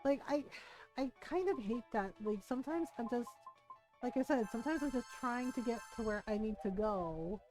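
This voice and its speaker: A woman streamer chatting casually while playing a game, animated and swearing freely. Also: a little high, normal speed, faint music behind, poor audio. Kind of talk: casual gameplay commentary.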